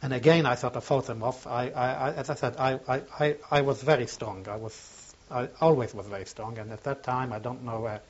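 Older man, interviewee, halting and searching for words; average pitch, dull lo-fi recording. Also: fairly even intonation. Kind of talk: oral history testimony.

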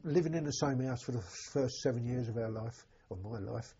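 An elderly man recalling his war years, halting and repeating words as emotion rises. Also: mid-range voice, dark tone, husky. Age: older. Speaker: war veteran interviewee. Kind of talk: personal recollection. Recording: dull lo-fi recording.

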